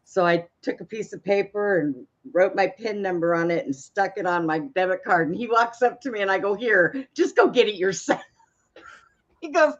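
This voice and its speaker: Playful woman host, jokey storyteller, mid pitch, muffled lo-fi sound. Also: animated, moderate pace. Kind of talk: casual chat.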